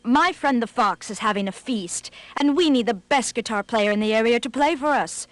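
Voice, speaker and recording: A woman's voice: fairly high pitch, normal speed, dry recording, natural voice. A woman voicing a gullible, hungry male tiger in a storybook game, pleading and earnest.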